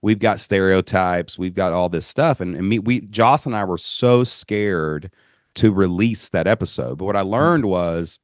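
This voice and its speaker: A deep-voiced man with a Kentucky drawl hosts a casual podcast chat. He tells stories in a folksy, lively way, and the recording is close and dry. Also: unhurried, no room sound. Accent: Southern US (Kentucky). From Southeast Kentucky. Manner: animated storyteller, folksy phrasing. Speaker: podcast host.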